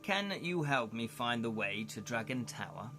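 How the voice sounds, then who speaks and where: Male narrator putting on a posh young thief, overly polite, bright tone. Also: medium pitch, big pitch swings, normal speed, soft background music.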